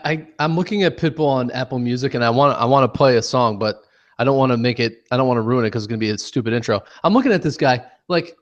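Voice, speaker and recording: A man co-hosting a sports podcast, sarcastic and quick to swear. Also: mid-range voice, dull audio. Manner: sarcastic, profane. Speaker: podcast co-host. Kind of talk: casual sports talk.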